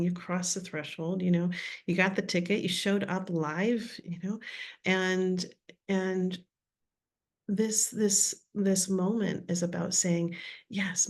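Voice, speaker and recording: A woman's low, gravelly voice leads a guided voice workshop on a live video call. She speaks softly, with a raspy edge, and often sinks into a hushed whisper as she invites listeners in. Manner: soft, drifting into whispers while guiding. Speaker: workshop leader.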